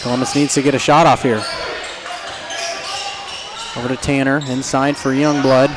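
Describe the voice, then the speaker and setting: Male play-by-play caller, energetic and jokey, noisy gym feed. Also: mid-range voice. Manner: excitable, jokey, quickens on big plays. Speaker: play-by-play announcer. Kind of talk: live basketball commentary. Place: high school gym.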